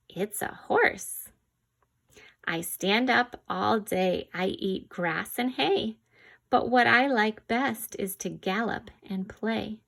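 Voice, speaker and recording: A woman's voice: mid-range voice, vocal fry. A woman reading a children's picture book about farm animals aloud, asking simple questions and imitating animal sounds. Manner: slow, gentle read-aloud with animal sounds and quiz questions. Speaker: reader.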